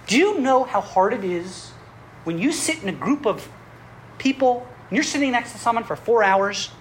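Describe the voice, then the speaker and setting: Lively, animated woman teaching a class. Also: a little high, normal speed, a little hiss or hum. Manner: animated, chuckling storyteller with frequent restarts. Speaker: teacher of a Jewish studies class. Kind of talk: classroom lecture with storytelling. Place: classroom with students.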